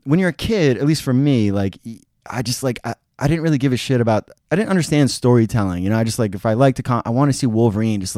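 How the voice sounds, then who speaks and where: A blunt, opinionated man talks casually through his reviews, swearing as he goes. His voice sits low, and the recording is dry and close with no room sound. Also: dark tone, no echo. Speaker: podcast host.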